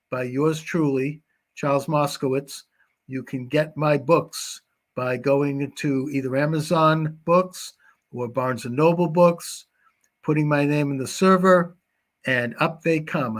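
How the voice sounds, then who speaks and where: A man hosting a live talk show, thanking his guest and chatting through plugs in an affable way. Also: fairly high pitch.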